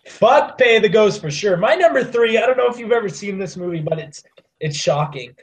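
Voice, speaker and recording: A man's voice: high voice, lively intonation, brisk. A young man co-hosting a podcast, ranting in casual, profane chat about bad movies. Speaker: podcast co-host.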